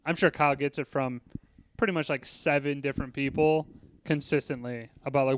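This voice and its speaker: A man co-hosting a casual sports and music podcast, talking in an animated way, swearing, and acting out what other people said. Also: medium pitch, brisk, clean tone, dry recording. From Chicago. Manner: animated, swearing, acts out quoted lines. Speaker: podcast co-host. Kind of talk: casual chat.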